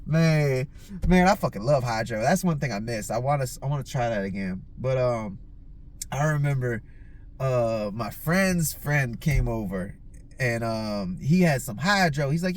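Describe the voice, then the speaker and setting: A man hosting a podcast, telling casual stories in a rambling, heavily profane way, with lots of "like" fillers and his own quotes acted out in sudden jumps of pitch. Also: lively intonation, measured pace. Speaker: podcast host. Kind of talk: casual storytelling.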